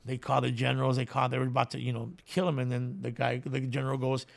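A man's voice: mid-range voice, monotone, fast, vocal fry, hardly any pauses. A man co-hosting a casual chat, animatedly retelling a story and acting out the voices in it. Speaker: podcast co-host.

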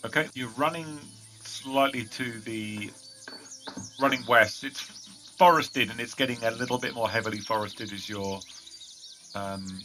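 A man's voice: mid-range voice, a little slow, music in the background. A man narrating a tabletop fantasy game as game master, describing scenes with frequent restarts.

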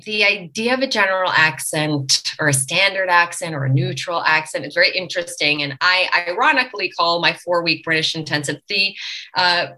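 A woman from Long Island speaks as a dialect coach in a podcast interview. Her voice sits a little low yet rings bright and forceful. She explains things in an animated, teacherly way. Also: low-quality recording. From Long Island, New York.

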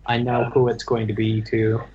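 Man, dungeon master, halting restarts, mid-pitched voice, dull lo-fi audio. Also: completely flat delivery, a little mellow. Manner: halting, stumbling restarts, laughs while telling. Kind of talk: casual chat about a tabletop game. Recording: dull lo-fi sound.

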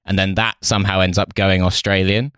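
A man's voice: low-pitched, level tone, a little fast, fairly bright tone, smooth, no echo. A man co-hosting a podcast, joking in a dry way and rambling with fillers. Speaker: podcast co-host. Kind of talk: casual chat.

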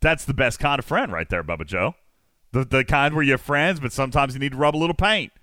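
His voice is medium-pitched, expressive, and sharp, moving fairly quickly with no echo. As host of a casual podcast, he jokes and rambles, then rattles through long strings of supporter names.

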